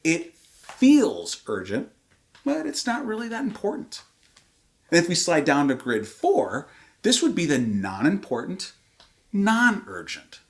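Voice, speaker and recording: A man's voice: fairly high pitch, huge pitch swings, measured pace. A man co-hosting a marriage course video, explaining ideas step by step with repeated phrasing. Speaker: co-host of a couples course.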